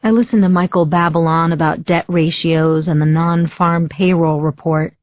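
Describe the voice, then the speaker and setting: A woman narrating a first-person thriller audiobook in a measured, wry inner-monologue voice. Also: low voice, fairly even intonation, no room sound. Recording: dull lo-fi dry audio.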